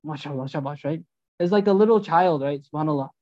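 A man giving a storytelling sermon as a religious teacher, animated and acting out the dialogues. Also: on the high side, fast talker, highs cut off, slight background noise.

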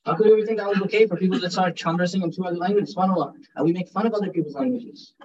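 Young male teacher for an informal religious talk. He speaks fast and in a high voice, loose and joking, with Urdu and Arabic phrases mixed in, captured dull and from a distance. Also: darkish tone. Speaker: Islamic teacher giving a talk.

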